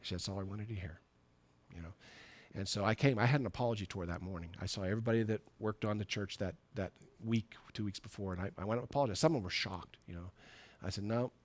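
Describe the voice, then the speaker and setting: A man's voice: on the low side, fast talker. A middle-aged man preaching as a pastor, telling a personal story in a conversational way, acting out the dialogue and laughing at himself. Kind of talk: storytelling sermon. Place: church sanctuary.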